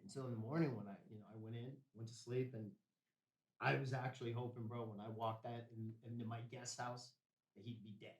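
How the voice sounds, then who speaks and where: Man, guest storyteller; blunt and street-casual, heavy on "man"; mid pitch, reverberant room, distant from the mic. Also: steady tone, a little fast. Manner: blunt, profane, peppers talk with "man" and "bro". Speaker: podcast guest. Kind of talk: personal storytelling in conversation.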